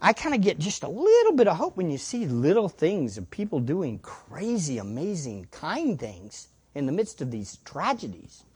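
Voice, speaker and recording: A woman preaching a sermon, her pitch swinging widely as she drives each point home. She repeats key words for emphasis and throws questions out to the congregation. The sound is close and dry. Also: wildly swooping pitch, moderate pace, hardly any pauses, a little mellow, breathy edge, no echo.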